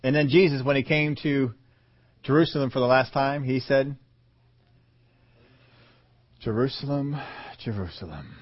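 A man preaching a sermon who acts out voices calling names, swinging from loud calls to soft, low lines. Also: flat delivery, fairly quick. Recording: dull lo-fi audio.

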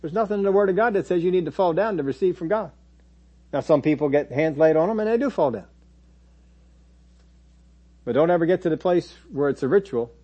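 A man with a husky, slightly high voice delivers a sermon in a plain conversational teaching manner. He breaks off now and then to mimic churchgoers in short quoted asides. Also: animated, fast, warm tone, muffled recording. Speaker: preacher.

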